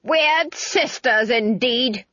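A woman reading an audiobook, voicing a fierce, proud old witch woman who is quick to outrage. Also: lowish voice, big pitch swings, slightly rough, dry recording, dull audio, heavily acted. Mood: furious. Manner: indignant shouting, drawn-out outbursts. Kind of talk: audiobook character voice.

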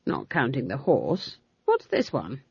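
A woman doing a proud old witch from a storybook, stern and disapproving. She speaks slowly in a husky voice. The recording sounds muffled and dry. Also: very deep voice, huge pitch swings, dry recording, full character voice. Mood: brusque.

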